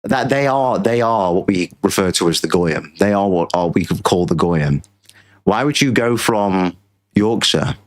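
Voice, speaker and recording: A man's voice: deep voice, lively intonation, measured pace. A British man hosting a political show, ranting in casual commentary and repeating himself. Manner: ranting, repetitive, mocking put-on voices. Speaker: show host.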